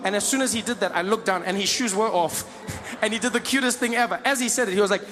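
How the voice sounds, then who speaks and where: A man from Africa, doing stand-up with animated storytelling. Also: high voice, a little fast, long reverb tail, background noise. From South Africa. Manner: animated storytelling, laughing asides. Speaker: stand-up comedian. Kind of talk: stand-up comedy.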